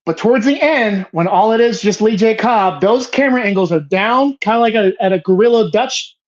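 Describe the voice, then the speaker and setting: A woman's voice: medium pitch, lively intonation, fairly quick. Emphatic, swearing woman gushing about film. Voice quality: emphatic, profane, rambling with restarts. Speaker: host of a movie bracket show. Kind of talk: casual, passionate film talk. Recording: slightly dull lo-fi sound.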